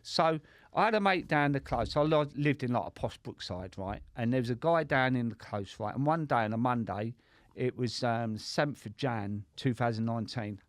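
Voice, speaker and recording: A middle-aged man, a sobriety coach on a podcast as a guest, shares his story in a relaxed, sweary manner and keeps asking "right?". His voice is mid-range and he talks at a normal speed. The studio-quality recording has no echo.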